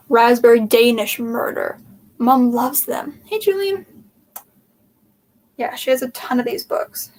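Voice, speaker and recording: Taking it slowly and pausing often, a high-voiced young woman rambles on a casual booktube livestream as she reorganizes the bookshelves in a room at home. She thinks aloud with plenty of "like" and "um," and the distant mic carries faint background noise.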